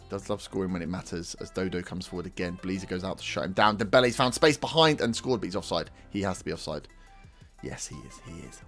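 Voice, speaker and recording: A young man with a lowish voice commentates his own football management game in a casual let's-play style. He jumps between calm muttering and excited shouts, talking straight to the players on screen. Faint music plays behind him. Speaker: gaming YouTuber.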